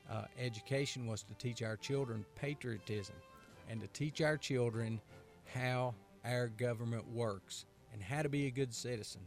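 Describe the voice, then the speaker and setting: A man's voice: medium pitch, normal speed, faint music behind. A man from North Carolina with a Southern American accent, a pastor hosting a radio talk in a folksy way, repeating phrases and asking rhetorical questions.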